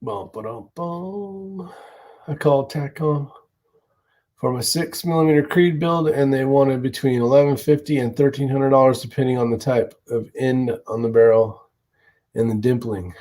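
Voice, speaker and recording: A man's voice: mid-range voice, level tone, normal speed, warm tone. A man hosting a casual live stream, chatting loosely, greeting viewers and answering their questions. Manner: chatty, rambling, swears casually. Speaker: livestream host. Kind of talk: casual live chat reading viewer comments.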